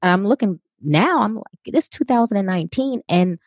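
A woman's voice: medium pitch, animated, fairly quick, a little mellow, no room sound, studio quality. A woman from Chicago hosting a podcast, mostly giving short agreeing replies. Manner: supportive, brief agreeing replies. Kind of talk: casual podcast conversation.

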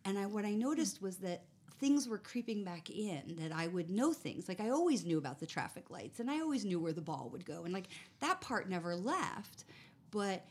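A woman talking casually about her life and her work as a medium, telling stories in a lively way with lots of fillers. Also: medium pitch, moderate pace, husky. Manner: animated storytelling with frequent fillers. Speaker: medium, guest. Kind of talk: casual conversation.

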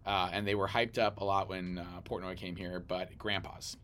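A man's voice: deep voice, level tone, moderate pace, fairly bright tone, slight background noise. A man co-hosting a podcast in a casual, rambling chat with many fillers. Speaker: podcast co-host.

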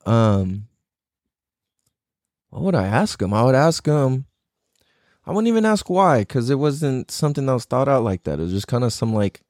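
A man's voice: medium pitch, big pitch swings, normal speed, pauses often, darkish tone, no echo, studio quality. A man talking in a casual, reflective monologue, loose and profane, full of "like" and "you know".

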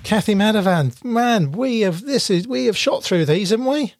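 A man hosting a podcast interview, enthusiastic and quick to laugh. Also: high-pitched, expressive, slight background noise. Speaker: podcast host. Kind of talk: casual interview chat.

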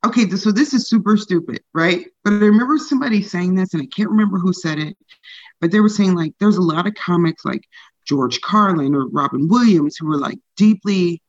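A woman's voice: fairly low pitch, fairly quick, dry recording. Chatty woman comedian, dull lo-fi sound. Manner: chatty, frequent "like" fillers, laughs often. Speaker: stand-up comedian, guest. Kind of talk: casual interview chat.

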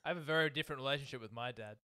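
A man's voice: mid-range voice, racing, bright, forceful tone, smooth. A man co-hosting a podcast, chatting casually and trading understated, dry jokes. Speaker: podcast co-host. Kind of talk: casual chat.

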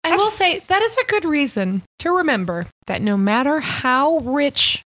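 A woman's voice: sits high, big pitch swings, normal speed, a bit bright. A woman co-hosting a podcast in casual chat, joking, swearing freely and laughing often. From Irish heritage. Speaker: podcast co-host.

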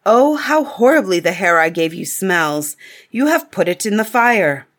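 A woman's voice: mid-range voice, sing-song, measured pace, fairly bright tone. A woman voicing a hungry, scheming female wood witch in a storybook reading, whining and pleading. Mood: sly.

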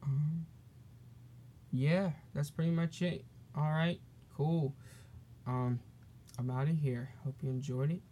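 A man's voice: a little high, slow pace, pauses often, slight background noise. Rambling teenage boy podcast host. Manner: rambling and animated, with many fillers and restarts; acts out the people in his stories. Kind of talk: casual solo podcast storytelling.

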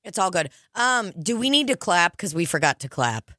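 A young woman with a fairly low voice and a loose, rambling way of talking. She swears freely and teases her co-host in casual chat. The sound is dry and close. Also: very animated, moderate pace, fairly bright tone, dry recording. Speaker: podcast co-host.

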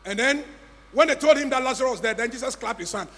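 A man preaching a sermon, telling the story dramatically and swinging from hushed tones to shouts. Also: very high voice, quick pace, in a large hall. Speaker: pastor.

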